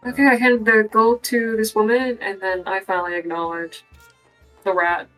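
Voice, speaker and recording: A woman's voice: medium pitch, flat delivery, normal speed, a bit bright, soft background music, rough recording. A woman playing a tabletop game in a casual, blunt way, swearing and pressing with questions. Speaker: player. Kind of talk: casual tabletop role-play.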